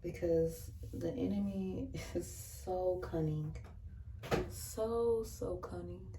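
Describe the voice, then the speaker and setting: A young adult woman vlogger sharing a casual faith testimony while getting ready, earnest and chatty, with lots of "you know" and quick laughs. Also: fairly low pitch, noisy background. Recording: roomy sound from a mic some distance away.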